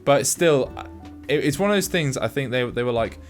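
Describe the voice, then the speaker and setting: A man co-hosting a podcast, chatting casually about films in a rambling, halting way with many restarts. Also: medium pitch, animated, faint music behind. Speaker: podcast co-host. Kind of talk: casual film review chat.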